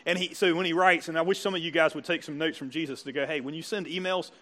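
A man's voice: a little high, fast talker, fairly bright tone. A pastor preaching a sermon to a church congregation, conversational and full of questions to his listeners. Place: church service before a congregation.

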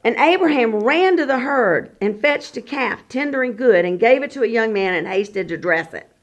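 A woman's voice: a little high, normal speed, lo-fi sound. A woman leading a Bible study, reading scripture aloud and then explaining it in casual talk, acting out the quoted speakers. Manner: acts out the quoted speakers in lively voices.

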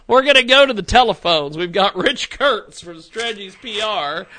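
A man's voice: high-pitched, moderate pace, few pauses. A man hosting a radio show, rambling and joking and laughing at himself. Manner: animated, jokey, laughs at himself. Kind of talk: rambling comedic radio talk.

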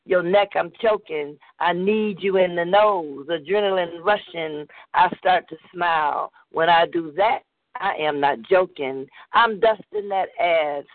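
A woman's voice: on the low side, unhurried, no echo. A woman hosting a call-in poetry show and reading her poem bluntly and fiercely. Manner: blunt, fierce rhythmic recitation. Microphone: phone call. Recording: tinny phone line, dry.

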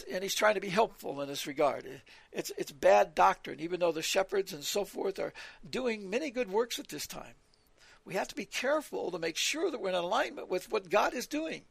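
Gravelly, husky man giving a Bible talk. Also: high-pitched, no echo. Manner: rambling, earnest, reads scripture aloud and explains it. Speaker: preacher.

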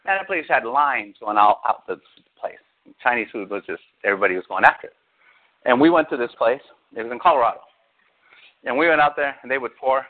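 A middle-aged man preaching a sermon as pastor, telling stories with animated, sarcastic asides. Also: medium pitch, fairly quick. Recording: tinny phone-like radio sound.

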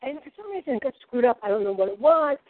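A middle-aged woman telling kitchen stories in a lively, expressive way as a guest cook. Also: on the high side, fast, no room sound. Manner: lively, expressive, laughing storyteller. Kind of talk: animated storytelling chat. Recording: tinny phone-like line.

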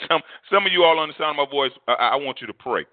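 A man's voice: on the high side, dry recording. Fervent male preacher on a tinny line. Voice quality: fervent, repeats phrases, animated. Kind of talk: sermon. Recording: tinny phone-like dry sound.

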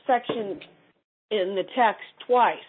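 A woman from the community call tells a personal story slowly in a medium pitch, rambling and often starting over. Phone-line audio carries slight background noise.

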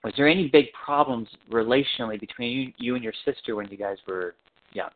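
A man leading an interview, asking calm and steady questions about family background. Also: medium pitch, a little fast. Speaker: interviewer, counselor. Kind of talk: guided interview. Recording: tinny phone-like line.

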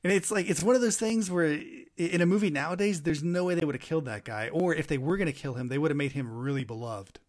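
A man's voice: a little high, quick pace, few pauses. A man co-hosting a movie podcast, joking wryly and laughing often in casual chat. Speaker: podcast co-host.

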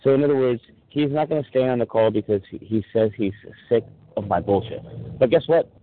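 A man's voice: medium pitch, fairly quick, slight background noise. A man ranting angrily on a call, swearing heavily as he defends himself. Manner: angry ranting, heavy swearing. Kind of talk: heated phone chat. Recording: tinny dry phone line.

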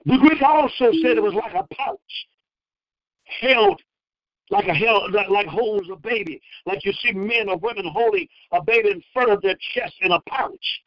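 Fervent high-voiced preacher. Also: male voice, normal speed, dry recording, lo-fi sound. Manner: fervent preaching with sudden loud bursts; acts out the speakers in the verses. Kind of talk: sermon.

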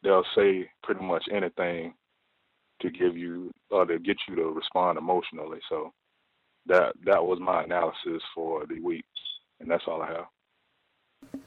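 A man's voice: deep voice, level tone, measured pace, pauses often, breathy edge, no echo. A man calling in to a talk show, telling a workplace story in a loose, rambling way with many fillers. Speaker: caller. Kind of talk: casual call-in storytelling. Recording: tinny phone line.

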